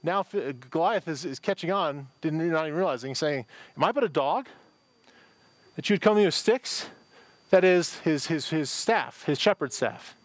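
A middle-aged man gives a sermon in a rather high voice. He reads scripture and then breaks into loose, chatty asides. The sound is dry and close, with no room echo. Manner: conversational preaching with asides and repetitions. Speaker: pastor. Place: church service with a parking-lot and online audience.

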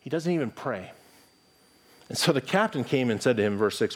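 A man's voice: mid-range voice, lively intonation, moderate pace, breathy edge. A middle-aged pastor delivers a sermon in an earnest, conversational voice. He reads scripture aloud and restarts his phrases as he thinks aloud.

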